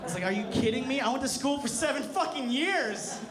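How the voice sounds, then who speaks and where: A man's voice: very high-pitched, animated, brisk. A man in his thirties doing a casual, profane stand-up set on a club stage, tagging lines with "you know". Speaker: stand-up comedian. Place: comedy club stage before a live audience. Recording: live club recording with crowd laughter.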